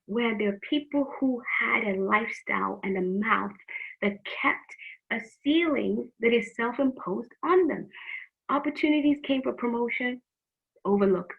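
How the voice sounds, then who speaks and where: A woman's voice: on the high side, gravelly. A middle-aged woman teaching teens in a faith-based talk, earnest and frank, often repeating words as she gives advice. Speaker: youth program teacher. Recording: tinny phone-like line.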